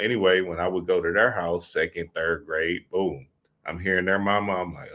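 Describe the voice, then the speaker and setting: A man's voice: deep voice, moderate pace, a bit bright. A man hosting a show, talking in a casual, profane, slang-heavy monologue full of stories. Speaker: podcast host.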